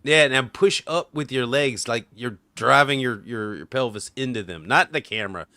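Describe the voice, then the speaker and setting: A man's voice: mid-range voice, moderate pace, very noisy. A man chatting casually, joking and coaching his friend with a laugh. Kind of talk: casual chat.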